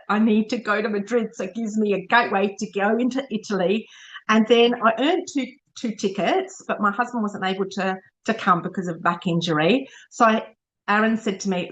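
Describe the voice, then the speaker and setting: A middle-aged woman with an Australian accent speaks in a chatty, emotional way, often laughing and restarting her sentences. Her pitch sits in the middle for a woman. The recording sounds a little dull and lo-fi. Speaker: sales director giving a presentation. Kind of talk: informal motivational talk.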